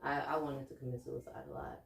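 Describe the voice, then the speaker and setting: A young woman co-hosting a podcast, talking candidly and earnestly about her own life, getting animated and laughing as she tells stories. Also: very deep voice, fairly quick, gravelly, recorded from a distance. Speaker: podcast co-host. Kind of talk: candid casual chat. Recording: echoey room, a bit off-mic.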